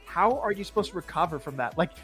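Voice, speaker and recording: A man's voice: sits high, expressive, fast talker, over music. A man hosting a casual podcast-style chat on his stream, rambling with lots of "like" and restarts. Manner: rambling, heavy use of "like", frequent restarts. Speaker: streamer host.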